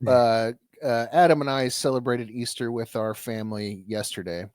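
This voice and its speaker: American man, podcast co-host, casual self-mocking banter, mid-pitched voice, dry close mic. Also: steady tone, normal speed, darkish tone, smooth, no room sound. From United States. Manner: laughing, self-deprecating banter with many restarts. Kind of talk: casual chat.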